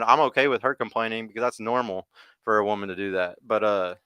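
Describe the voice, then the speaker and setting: A man's voice: fairly low pitch, a little fast, sharp tone, clear, resonant tone, no echo, clean studio sound. A man hosting a live podcast, ranting with passion and some profanity to his audience, calling them "guys" again and again. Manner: impassioned, emphatic, keeps addressing the audience as guys. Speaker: podcast host. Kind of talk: livestream rant to chat.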